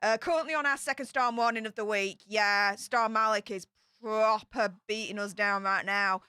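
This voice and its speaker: A woman's voice: mid-range voice, fairly even intonation, moderate pace, bright, forceful tone, smooth, dry recording. A woman with a Yorkshire accent hosting a livestream, chatting casually and greeting viewers one by one in a bubbly, chatty way. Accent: Yorkshire English. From Yorkshire, England. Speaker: YouTube livestream host.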